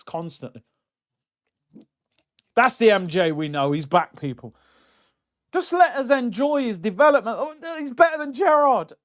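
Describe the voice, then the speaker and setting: Animated man on a fan stream. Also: dull audio. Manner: animated, mocking, jumps into high exclaims. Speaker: football fan channel host reading viewer comments. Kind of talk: casual live-stream rant.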